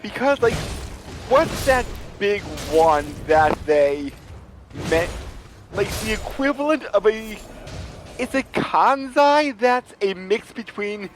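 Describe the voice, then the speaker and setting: Slow-talking high-voiced young man. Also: lively intonation, music in the background. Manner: rambling, many fillers. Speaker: gameplay co-host. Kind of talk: casual gaming chat.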